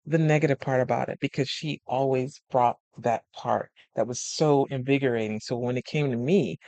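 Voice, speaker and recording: A man of medium pitch speaks at a moderate pace, with no room sound, in a casual advice monologue about friendship. The life coach tells stories with animation, acting out what his friends said and laughing frequently.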